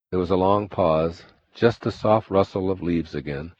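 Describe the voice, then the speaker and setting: A man reading a self-help text aloud in slow, deliberate, calm scripted narration. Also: low voice, breathy edge. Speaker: audiobook narrator. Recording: dull lo-fi recording.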